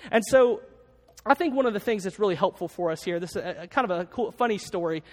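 A man's voice: high-pitched, lively intonation, quick pace. A man preaching a sermon as a pastor to a church congregation, talking conversationally and repeating his key lines so listeners can note them down. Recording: long reverb of a large hall.

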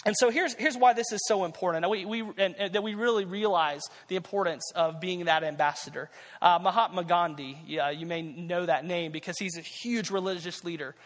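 A man's voice: high voice, a little fast, a bit bright, big-room sound. A man preaching a sermon as pastor, conversational and repeating key phrases for emphasis.

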